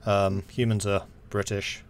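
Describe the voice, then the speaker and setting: A man running a tabletop game, chatting casually with his players and explaining things with pauses and fillers. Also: lowish voice, level tone, slight background noise. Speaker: game master. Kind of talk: casual chat between tabletop game sessions.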